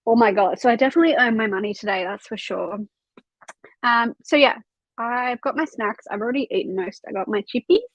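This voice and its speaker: A woman's voice: medium pitch, lo-fi sound, a little hiss or hum. A young woman hosting a casual reading livestream from home, chatting loosely, swearing freely and reading out chat comments. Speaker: livestream host of a reading sprint.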